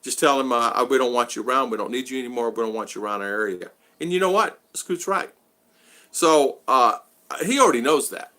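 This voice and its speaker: A man's voice: mid-range voice, lively intonation, fairly quick, pushed and bright. A middle-aged American man vlogging in a casual livestream chat, rambling and repeating himself. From United States.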